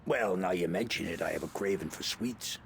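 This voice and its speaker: An actor playing a gruff, stubborn male detective on a stakeout in a video game, deadpan and clipped. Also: low voice, a little fast, slight background noise. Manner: deadpan, clipped, flares into anger. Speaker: game character.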